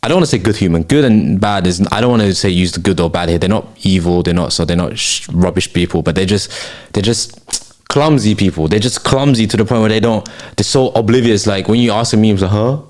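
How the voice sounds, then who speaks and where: A young man holds forth on a casual late-night podcast, his voice sitting low. He rants with loose slang and frequent swearing. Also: brisk, few pauses, darkish tone. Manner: ranting, slangy, swears freely. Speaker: podcast host.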